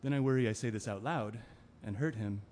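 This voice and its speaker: A man's voice: fairly low pitch, fairly quick, darkish tone, slight background noise, lightly acted. An actor playing an anxious man, speaking an inner monologue that turns brooding and angry. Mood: tender. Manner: brooding, bursts into anger. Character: anxious man whose partner is ill. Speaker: Ben's partner. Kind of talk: audio drama acting, inner monologue.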